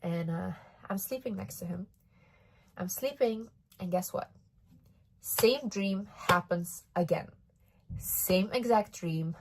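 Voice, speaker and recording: A woman's voice: mid-range voice, slow pace, long pauses. A young woman vlogger telling a personal story to camera in a casual, candid way. She speaks with emphasis and swears freely.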